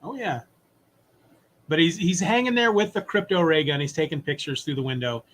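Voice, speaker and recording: A man co-hosting a podcast, casually and animatedly retelling a comic story and briefly acting out its characters. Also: a little high. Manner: animated retelling, voices characters in quick asides. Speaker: podcast co-host. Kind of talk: casual comic recap chat.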